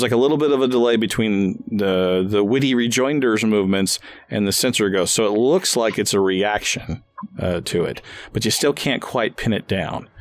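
Low-voiced man running a tabletop game. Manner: halting, many fillers and restarts. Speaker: game master.

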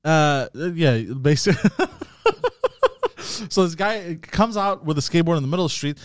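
A man's voice: fairly high pitch, moderate pace, no room sound, studio quality. Profane man telling a wild story. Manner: profane, animated retelling, acting out yelling. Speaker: podcast co-host. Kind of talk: casual storytelling chat. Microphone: studio microphone.

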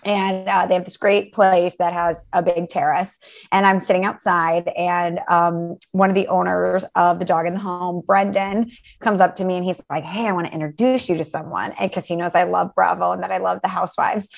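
Gravelly low-voiced woman telling a story. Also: normal speed. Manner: chatty, animated retelling with quoted dialogue. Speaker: podcast co-host. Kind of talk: casual storytelling chat.

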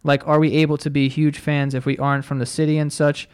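A man's voice: fairly high pitch, little pitch movement, fast, a little mellow, clean tone. A man hosting a casual sports podcast, reading out listener questions, loose and swearing with lots of filler words.

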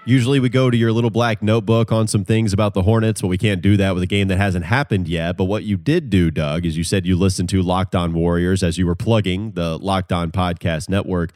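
Man, very low voice, sports podcast host, relaxed casual chat, dry close sound. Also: a little fast, few pauses, no room sound. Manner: relaxed, steering the talk.

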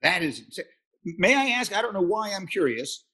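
A man's voice: high voice, very animated, moderate pace, sharp tone, slightly rough. A man hosting an interview, asking polite, earnest questions. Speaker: interview host.

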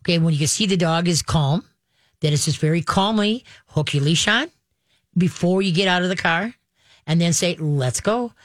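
A woman veterinarian hosting a radio advice show, chatting loosely with plenty of "you know" and "okay". She jumps into quick little voices to act out excited owners. The sound is dry and close, with no room around it. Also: fairly low pitch, no room sound. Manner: animated, acts out dog owners in quick voices. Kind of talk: casual advice talk.

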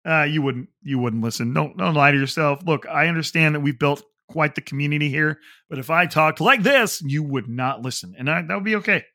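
A man hosts a casual solo sports podcast. He rambles and leans heavily on fillers like "like" and "you know". His voice sits a little high and sounds bright and forceful. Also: brisk, few pauses.

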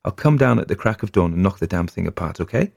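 A worn-out, blunt farmhouse husband that a man reads aloud, grumbling and cursing in a deep, gravelly voice. The dry, close recording keeps every rough edge of his tired storybook speech up front. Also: lively intonation, quick pace, darkish tone, no echo, exaggerated voice. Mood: weary. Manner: blunt, exasperated, swearing. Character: weary middle-aged farmhouse husband, gruff.

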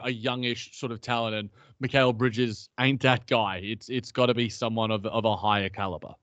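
An Australian man co-hosting a sports podcast, chatty and rambling with plenty of restarts. His voice sits at an ordinary pitch. The recording sounds dull and lo-fi, dry with no room sound. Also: a bit bright, no echo. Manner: chatty, many restarts and asides. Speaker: podcast co-host. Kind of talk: casual sports podcast chat.

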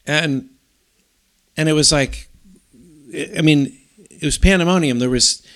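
A middle-aged man telling a long story in casual talk, rambling and animated, with many restarts. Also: on the high side, measured pace.

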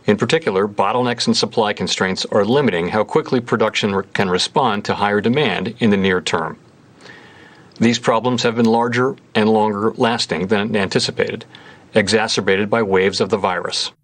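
Official guy reading prepared remarks, lowish voice, calm and formal. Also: moderate pace. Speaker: central bank official. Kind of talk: formal press conference statement.

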